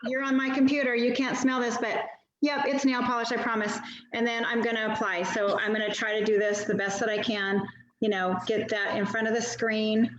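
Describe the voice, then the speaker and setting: A woman's voice: fairly high pitch, little pitch movement, moderate pace, fairly bright tone. Chatty woman demoing on a roomy call. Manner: chatty, self-deprecating, full of asides. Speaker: nail polish stylist training other sellers. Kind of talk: casual instructional demo on a video call. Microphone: video call mic. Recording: dull, roomy video call audio.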